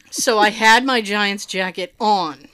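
Woman, casual chat, animated storytelling, smooth clear voice. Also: medium pitch, takes it slowly. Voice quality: hearing loss in right ear. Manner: animated, laughing storyteller who acts out quotes.

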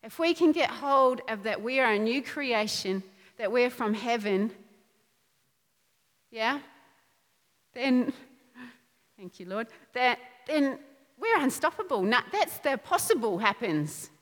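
A woman preaching a sermon in a lively, playful way, often laughing between points. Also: fairly high pitch, slow pace, pauses often. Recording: long hall reverb.

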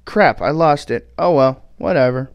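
A man's voice: fairly high pitch, moderate pace, clean tone, no echo, dull audio. A man giving a casual movie commentary who chats loosely, laughs often and swears offhandedly. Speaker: podcast host doing a movie commentary track.

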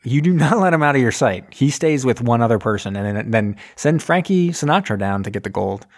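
Regular guy rambling thru a movie recap, does little voices for the characters, mid pitch. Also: animated. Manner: rambling, acts out scenes in quick voices. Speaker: podcast host recapping a film. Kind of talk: casual chat.

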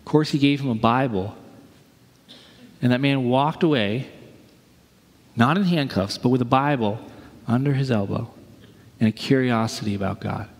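A man's voice: mid-range voice, normal speed, long pauses. A middle-aged man preaching a sermon, telling a story and acting out the voices of its people. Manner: storytelling, animated, acts out quoted voices. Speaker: pastor. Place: large church auditorium. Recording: long reverb of a large hall.

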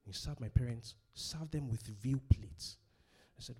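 A man's voice: mid-range voice, normal speed, warm tone, husky. A middle-aged man from Africa preaching a sermon, repeating key phrases and asking questions for the congregation to answer. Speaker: pastor. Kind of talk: sermon on relationships.

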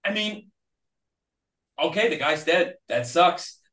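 A man's voice: high-pitched, animated, slow, a bit bright. A man argues his view bluntly on a podcast, swearing and spinning hypotheticals. His voice carries a roomy echo from the space around the mic. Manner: blunt and profane, arguing with hypotheticals. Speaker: podcast co-host. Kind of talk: casual chat, opinionated argument.

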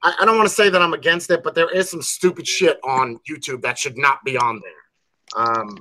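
A man hosting a casual group video call, loud and swearing, breaking into laughing outbursts. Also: fairly high pitch, normal speed. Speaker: channel host.

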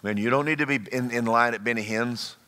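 A man preaching a sermon, folksy and joking, swinging between loud exhortation and quiet storytelling. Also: mid-range voice, fairly quick.

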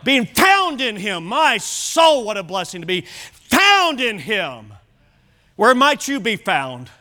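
High, bright-voiced male preacher. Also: huge pitch swings, slow pace. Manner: emphatic preaching with repeated phrases. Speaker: pastor. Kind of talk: sermon. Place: church service.

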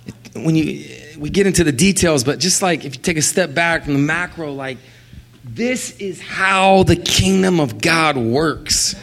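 A man preaching a sermon as pastor, animated and sing-song, leading the congregation in call-and-response. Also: a little high, measured pace, creaky.

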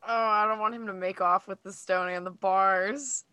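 A woman's voice: medium pitch, steady tone, normal speed, pushed and bright, smooth, dry recording. A woman playing in a tabletop game, casual and joking as she says what her character does. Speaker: player.

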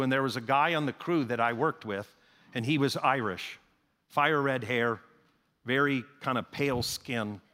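A man preaching a sermon as pastor, in a conversational storytelling manner. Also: medium pitch. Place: church sanctuary. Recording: reverberant hall with soft music.

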